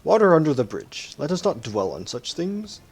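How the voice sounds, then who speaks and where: A man's voice: on the high side, very animated, moderate pace, vocal fry, slightly rough, heavily acted. A man voicing a formal, old-fashioned knight who speaks in archaic, stiffly courtly phrases while reading game dialogue aloud. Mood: gracious. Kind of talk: video game dialogue read aloud with voices.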